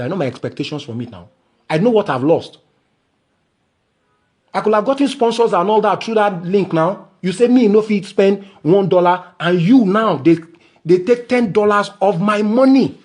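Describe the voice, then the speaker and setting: A man's voice: a little high, darkish tone, husky. A Nigerian man hosting his own podcast, giving an indignant solo rant that slips into Pidgin. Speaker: podcast host.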